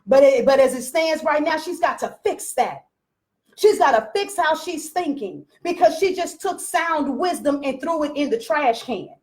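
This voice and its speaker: A woman's voice: sits high, animated, moderate pace. A woman business coach talking straight to her followers in a blunt, profane, preachy rant. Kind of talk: unscripted live rant to followers.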